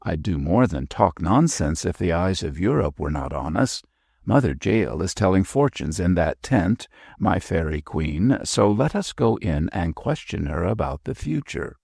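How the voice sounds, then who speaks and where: A man's voice: low-pitched, big pitch swings, unhurried, vocal fry, a little mellow, slightly rough, dry recording, studio quality, full character voice. Man doing a jaunty, teasing young captain. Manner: playful, bantering, irreverent.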